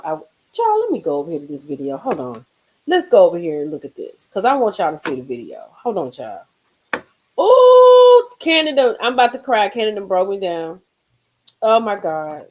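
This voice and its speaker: A woman hosting a casual live stream from a car, reading gossip aloud and reacting with sudden high exclamations and low murmurs. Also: rough recording. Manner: animated, swings into high exclaims and drops to murmurs.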